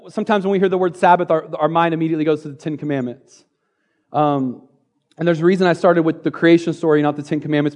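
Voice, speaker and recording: Male pastor, lively sermon delivery, jokes, slightly higher voice, church stage. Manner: playful, energetic preaching with jokes and repetition.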